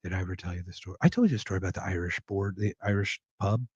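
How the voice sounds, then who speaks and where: A man's voice: sits low, rapid-fire, darkish tone, husky, no room sound, muffled recording. A man hosting a podcast, ranting and joking in casual, profane chat. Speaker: podcast host.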